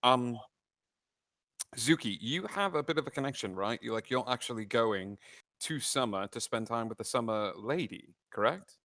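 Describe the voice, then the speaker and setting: A man's voice: mid-range voice, animated, moderate pace, a bit bright, no echo. A man playing a tabletop game, talking through plans with many hesitations. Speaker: player. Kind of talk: casual tabletop play.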